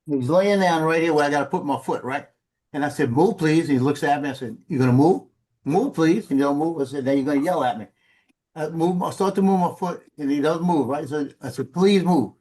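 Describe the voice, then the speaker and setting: A man's voice: on the high side, fast, darkish tone. A man on a live show, retelling a story in an exasperated, mock-scolding way over a remote call mic. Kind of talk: casual chat, animated storytelling. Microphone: remote call mic with noise cancellation.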